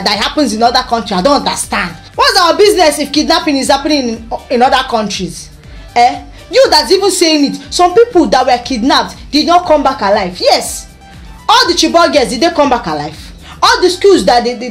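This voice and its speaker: A Nigerian woman hosting a news commentary show, ranting with exasperation, firing off rhetorical questions and mixing in Igbo phrases. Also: high voice.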